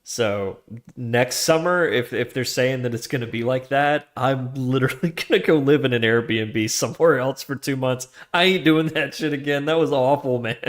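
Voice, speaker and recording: Male streamer, mid-pitched, casual slangy chatter, drops into quiet muttering while coding. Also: normal speed. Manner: slangy, with laughs between phrases. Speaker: streamer coding a trading engine. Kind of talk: casual live-coding chat.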